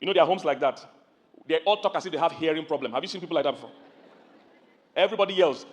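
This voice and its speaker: A middle-aged Nigerian man preaches with a high, lively voice. He tells animated stories, calls questions out to his listeners and acts out loud voices as he goes. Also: very fast, long pauses. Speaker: pastor. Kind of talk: sermon.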